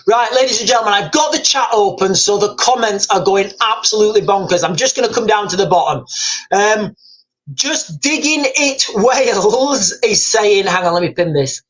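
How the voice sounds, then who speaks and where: A man's voice: sits high, expressive, moderate pace, a bit bright, poor audio. A man hosting a live news commentary stream. He rambles, repeats himself, speculates aloud and reads viewer comments and headlines off the screen.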